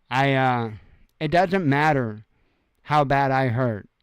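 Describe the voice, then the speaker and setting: A man's voice: medium pitch, slow pace, clean tone, dry recording. A tired, sore man speaking frankly in a rambling casual monologue, swearing freely. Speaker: host.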